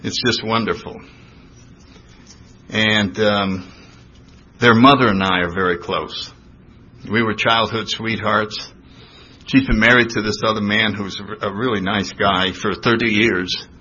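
An older man telling his recovery story in a personal talk, animated, acting out the voices of the people he describes. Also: fairly low pitch, a little slow, pauses often, slightly rough. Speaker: recovery speaker. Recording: dull lo-fi recording.

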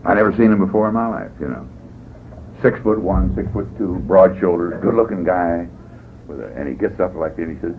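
An older man sharing his story at a recovery meeting, folksy and jokey in an animated storytelling way. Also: sits low, brisk. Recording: dull lo-fi tape with faint hiss.

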